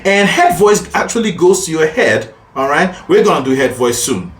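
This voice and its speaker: A male vocal coach with a fairly high, lively voice, upbeat and encouraging as he guides a student through exercises. He sounds a little away from the mic in an echoey room, with faint music behind. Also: normal speed. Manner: upbeat, encouraging, checks in with "okay?" and "right?". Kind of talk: singing lesson with a student.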